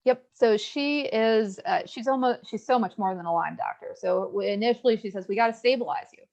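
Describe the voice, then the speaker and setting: A woman's voice: medium pitch, moderate pace. A young woman tells her own story as an interview guest, frank and earnest, often acting out what others said to her. Her voice sits in a middle register. The audio is a bit dull and lo-fi. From rural Virginia. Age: young adult. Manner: earnest, frank, quotes others in lively asides.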